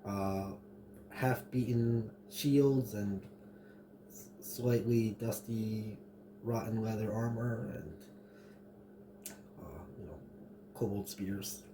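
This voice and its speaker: A man running a tabletop game as game master, describing scenes and monster actions in a halting way full of fillers. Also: fairly low pitch, background noise.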